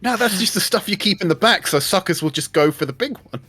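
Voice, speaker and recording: Game master, man, light higher voice, jokey narration, soft music under. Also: expressive, husky. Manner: jokey, puts on quick character voices.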